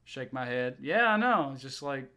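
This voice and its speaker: A man's voice: medium pitch, big pitch swings, moderate pace, pushed and bright. A man hosting a reaction video, talking in a defensive, exasperated way. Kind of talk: casual commentary.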